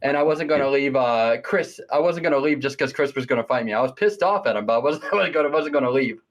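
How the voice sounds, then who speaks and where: A man's voice: medium pitch, animated. A man dropping in as a guest on a video call, upbeat and joking. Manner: upbeat, joking, quick to laugh. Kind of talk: casual chat on a video call.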